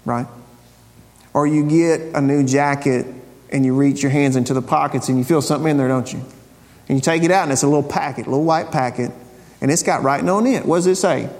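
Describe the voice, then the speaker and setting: A man's voice: high-pitched, fast talker, long reverb tail. A man preaching a conversational sermon, repeating phrases and asking rhetorical questions of the congregation. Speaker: pastor.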